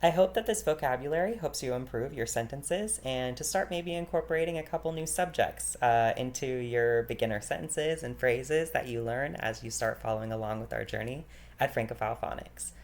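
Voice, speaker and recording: A man teaching a beginner vocabulary lesson, explaining casually with fillers and repeating each word slowly. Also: medium pitch. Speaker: French teacher.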